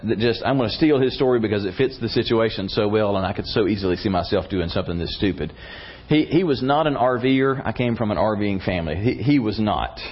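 A man preaching a sermon and telling a story in an animated way, his voice rising at tense moments. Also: medium pitch. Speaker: pastor. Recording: slightly dull lo-fi recording.

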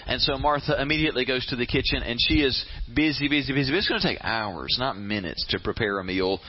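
A man preaching a sermon, retelling a story with animated flair and asking the audience questions directly. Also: medium pitch, fast. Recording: dull lo-fi sound.

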